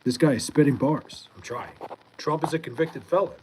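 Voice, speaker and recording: A young man from Long Island, high and laid-back, reading comments aloud in a casual livestream and swearing freely. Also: normal speed, noisy background. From Long Island, New York.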